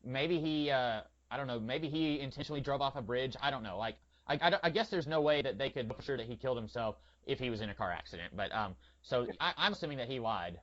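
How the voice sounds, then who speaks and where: A man's voice: mid-range voice, lo-fi sound. A man co-hosting a podcast, reasoning through a film plot in casual talk with many hesitant restarts. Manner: quick, hesitant, repeats words. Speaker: podcast co-host.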